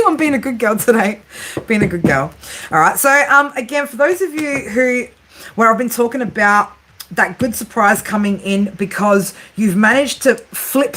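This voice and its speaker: A woman's voice: mid-range voice, a bit bright. Chatty, blunt woman giving a tarot reading. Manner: chatty and blunt, swears freely, laughs often, tags lines with "right?". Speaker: tarot reader and psychic. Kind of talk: casual spoken tarot reading to camera.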